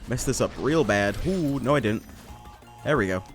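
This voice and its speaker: A man giving casual let's play commentary, excitable and self-mocking, swearing and laughing often into a desk microphone. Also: medium pitch, moderate pace, soft background music. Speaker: gameplay commentator.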